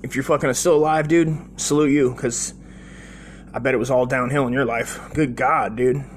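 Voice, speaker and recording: A man's voice: medium pitch, steady tone, moderate pace, slight background noise. A man in his forties casually telling a long childhood story, profane and loose, with lots of "dude" and "right?".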